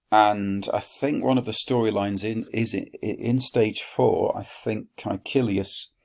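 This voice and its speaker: A man teaching a Latin lesson, explaining slowly and deliberately with dry, wry asides. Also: lowish voice, gravelly. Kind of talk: recorded classroom lesson.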